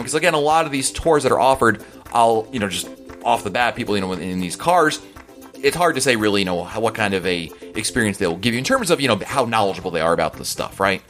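A man's voice: fairly low pitch, fairly bright tone. A man hosting a podcast in a casual, chatty, rambling way as he answers listener emails. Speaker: podcast host.

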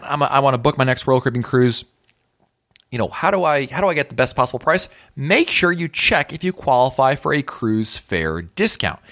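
A man's voice: medium pitch, a bit bright. A man hosting a podcast, giving tips in a casual, conversational way with emphatic asides. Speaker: podcast host.

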